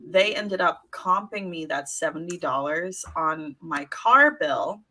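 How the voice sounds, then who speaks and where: Bright-voiced chatty woman co-host. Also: low voice, unhurried, hardly any pauses. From Minnesota. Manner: chatty storyteller, laughs often. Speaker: podcast co-host. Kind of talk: casual live-stream chat.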